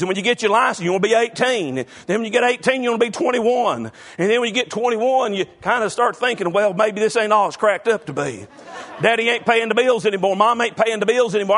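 A man in his fifties preaching a fervent sermon, calling out congregation members by name and swinging from soft reflection to shouting. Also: sits high.

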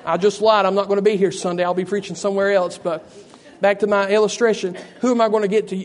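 High-voiced fervent preacher man. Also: fairly even intonation, quick pace. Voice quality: fervent, repetitive preaching cadence. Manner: addresses listeners by name, frequent "I tell you". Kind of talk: sermon.

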